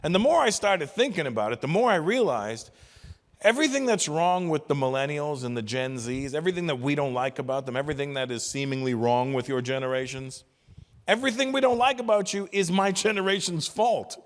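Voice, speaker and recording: A man's voice: fairly high pitch, lively intonation, fairly quick. A man in his fifties doing stand-up comedy on a stage mic in a large venue, ranting in an exasperated, profane way. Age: 50s. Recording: live hall reverb.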